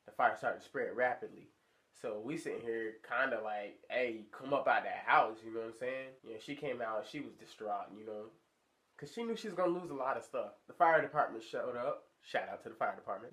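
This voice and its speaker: Animated young man telling a story. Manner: animated, slangy, acts out high squeaky voices in quotes. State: stuffy from a sinus infection. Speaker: vlogger. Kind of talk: casual storytelling to camera.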